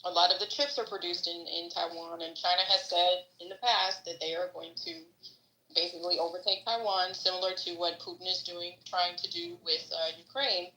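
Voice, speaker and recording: A woman's voice: on the low side, steady tone, moderate pace, sharp tone, roomy sound, rough recording. A woman co-hosting a podcast, giving opinionated, salty, rambling political commentary. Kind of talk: casual political discussion.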